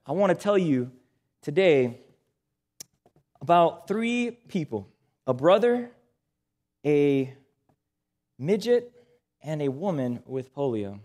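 A man's voice: on the high side, sing-song, takes it slowly, long pauses, a little mellow. A young man preaching a sermon, engaging the audience with questions and calls for responses.

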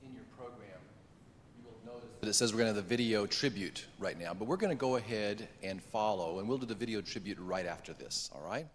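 Church leader guy, lowish voice, telling folks what's next, echoey hall. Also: brisk. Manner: clear and directive, emphasizing points. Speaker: church leader running the service. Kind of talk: giving instructions at a memorial service. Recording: long church reverb.

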